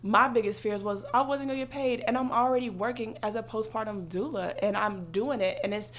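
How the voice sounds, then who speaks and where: Animated woman telling a story. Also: fairly high pitch, a little fast. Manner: animated storyteller, acts out quoted voices. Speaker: podcast co-host. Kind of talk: casual chat.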